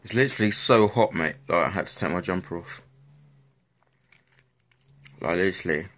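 A man's voice: sits low, normal speed, fairly bright tone. A young man chatting casually to camera in a laid-back, slangy way, swearing a lot. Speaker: vlogger. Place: at home and outdoors.

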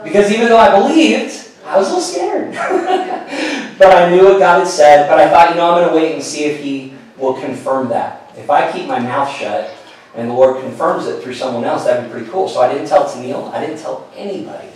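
A middle-aged pastor telling a personal story in a sermon, earnest and storytelling, often falling to a hushed voice. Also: male voice, fairly high pitch, brisk. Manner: earnest storytelling, drops to a hushed voice at tender moments. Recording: echoey hall, mic at a distance.

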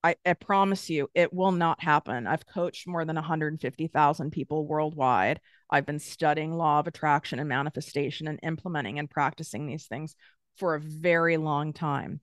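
Blunt, smooth-voiced woman coach. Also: deep voice, no room sound, studio quality. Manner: blunt, swears freely, direct. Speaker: business and manifestation coach. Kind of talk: motivational talk to camera.

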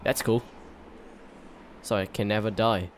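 A young man giving excitable let's play commentary as a gaming channel host, laughing often and swearing freely. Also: lowish voice, measured pace, a little hiss or hum.

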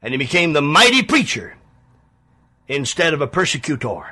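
A man preaching a sermon on the radio, pleading and emphatic, with dramatic pauses and big swings in his voice. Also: a little high, very animated, bright, forceful tone.

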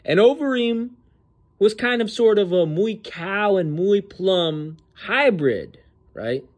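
Casting: male host, casual commentary, mocking and slangy, slightly high voice. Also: lively intonation, takes it slowly.

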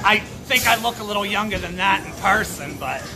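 A performer voicing a short-tempered, foul-mouthed elderly grandmother who gripes gruffly and curses through a comedy sketch. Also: mid-range voice, animated, fairly quick, loud music behind the voice, natural voice. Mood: grumbling. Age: older. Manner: gruff, cursing, complaining. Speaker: comedy character host.

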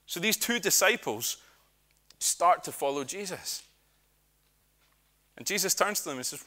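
A man's voice: high-pitched, measured pace, long pauses. A man with a Scottish accent preaching a sermon, telling stories with humour and asides. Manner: lively storytelling with humour and asides.

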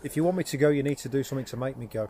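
A man's voice: mid-range voice, racing, mellow, a little hiss or hum. A man on a paranormal investigation, calling out to spirits in a provoking, challenging way, outdoors in a woodland graveyard. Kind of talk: calling out to spirits on a ghost hunt.

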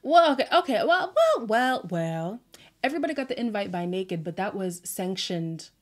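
A woman's voice: mid-range voice, big pitch swings, normal speed. Woman vlogger, casual sassy recap voice, sighs and exasperated asides. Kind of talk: casual reality-show recap.

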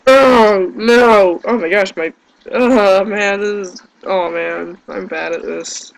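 A man's voice: high voice, fairly even intonation, slow, gravelly, low-quality recording. A man giving gameplay commentary, yelping in panic and groaning at his own mistakes. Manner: panicky yelps and self-deprecating groans. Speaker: let's play gamer.

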